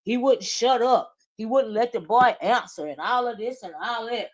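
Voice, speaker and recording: A woman's voice: fairly high pitch, moderate pace, rough recording. A woman giving casual livestream commentary, chatty, often tagging "right?" and calling viewers honey.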